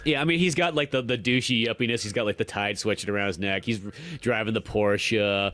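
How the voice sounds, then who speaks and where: A man co-hosting a podcast, chatting about a film in an animated way, swearing freely and quoting its scenes. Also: fairly low pitch, fairly quick, no room sound. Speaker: podcast co-host. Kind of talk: casual film review chat.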